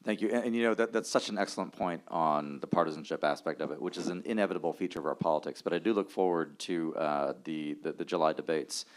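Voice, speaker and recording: Guy running a panel q and a, really low voice, talks fast, brisk and jokey. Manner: brisk, joking, directs the audience. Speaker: panel moderator. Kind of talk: moderating a policy panel.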